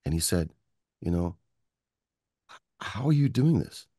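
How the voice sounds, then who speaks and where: A man from Michigan telling his story as an interview guest, and his low voice has a gravelly, husky grain. He acts out the people he quotes with a lively, rising and falling pitch. The recording is close and dry. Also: a little slow, no echo. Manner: animated storyteller acting out quotes. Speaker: guest, music producer.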